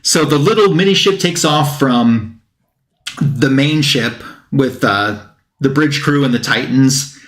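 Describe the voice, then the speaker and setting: A man's voice: mid-range voice, slow pace, a bit bright, roomy sound. A man on a comic book talk show retelling a plot in a casual, rambling way, with fillers and quotes that he acts out.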